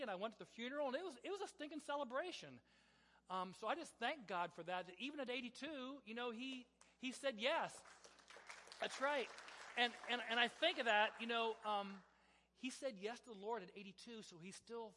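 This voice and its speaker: A man with a high voice delivers a relaxed, story-driven sermon as a pastor, circling back and restarting phrases as he thinks aloud. His voice rings out with a long reverb that trails through a large church hall. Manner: halting, often repeats and restarts words.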